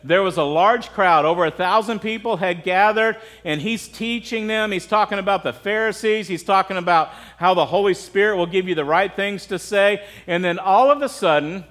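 A man's voice: high voice, moderate pace, few pauses, fairly bright tone. An American man preaching a sermon to a live congregation in a conversational way, often checking in with the crowd. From United States. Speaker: pastor.

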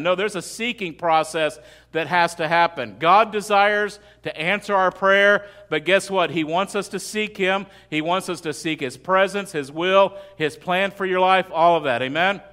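A man's voice: high-pitched, moderate pace, sharp tone, clean tone. A middle-aged male pastor preaching a sermon in a conversational, humorous way, acting out quoted prayers and asides.

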